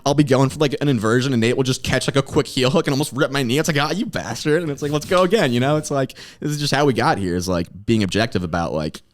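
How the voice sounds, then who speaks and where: A man's voice: mid-range voice, racing, few pauses. A man who coaches grappling, talking in a rambling casual way full of fillers. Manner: rambling, full of "like" and "you know". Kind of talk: casual chat.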